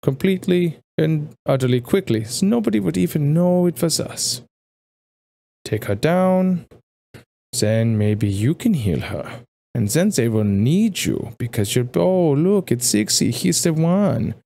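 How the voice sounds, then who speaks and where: A man's voice: a little high, expressive, unhurried, creaky, dark tone, pitched above the performer's own voice. A man voicing a sinister, manipulative male spirit who has taken over someone's body and talks in a silky, menacing way. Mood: scheming.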